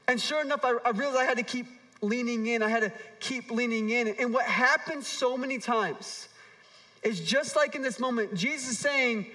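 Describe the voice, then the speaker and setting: A male pastor with a high, bright voice preaches a sermon. He leans into storytelling and acts out the voices of the people he quotes. He swings between soft, low asides and lifted, emphatic appeals. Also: far from the mic. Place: church hall with an audience.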